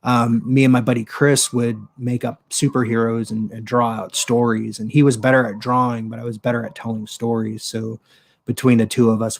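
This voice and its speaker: A man's voice: mid-range voice, creaky. A man hosting his own show on a livestream, talking casually in a rambling, profane way with lots of fillers, into a desktop microphone with a pop filter. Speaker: show host. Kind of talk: casual solo commentary.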